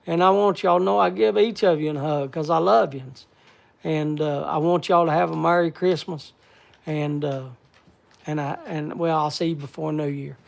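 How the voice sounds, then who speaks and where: A man hosting a casual live stream, thanking viewers in a halting, repetitive, heartfelt way. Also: on the high side, steady tone, creaky. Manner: halting and repetitive, stumbling over words. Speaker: livestream host.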